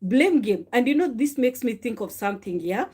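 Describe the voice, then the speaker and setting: Animated woman testifying. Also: a little high, normal speed, husky. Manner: animated, confessional, acts out quoted dialogue. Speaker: mother sharing a faith testimony. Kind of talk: personal faith talk, storytelling.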